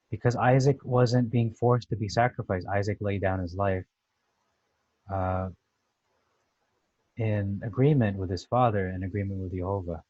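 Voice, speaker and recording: Low-voiced man explaining scripture. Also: darkish tone, no room sound, muffled recording. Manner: thoughtful, conversational, restarts with "uh". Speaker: Bible teacher. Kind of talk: casual scripture commentary.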